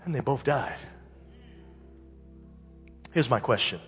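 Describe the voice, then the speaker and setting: A male pastor delivers a sermon, animated and fervent, sometimes pushing to loud peaks. His voice is husky and swings widely in pitch. The sound carries the long reverb of a church hall. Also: slow, soft background music. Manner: animated, building to shouted climaxes.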